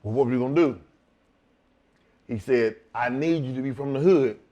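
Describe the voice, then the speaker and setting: A man's voice: mid-range voice, normal speed, lo-fi sound. A man, a former wrestler, telling a profane backstage story as a guest in a casual chat, acting out both sides of the conversation. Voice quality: profane, animated retelling.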